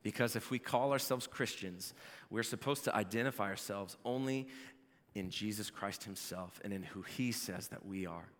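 A man delivers a sermon as the pastor, his voice bright and forceful. He talks with lively energy and breaks into loud outbursts when he jokes. His voice rings with the long reverb of a large hall. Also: on the low side, normal speed. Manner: animated, builds to shouting in jokes.

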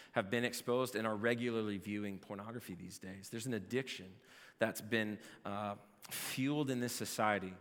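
A pastor preaching a sermon, with lively delivery that rises to shouting when he jokes. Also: lowish voice. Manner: animated, builds to shouting in jokes. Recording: long hall reverb.

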